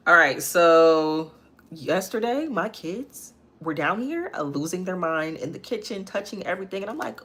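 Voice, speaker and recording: A woman's voice: lowish voice, animated, normal speed, a bit bright. A young woman hosting a live makeup tutorial at home, chatting casually and answering viewer comments as she works. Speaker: makeup vlogger and livestream host. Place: home, near a kitchen.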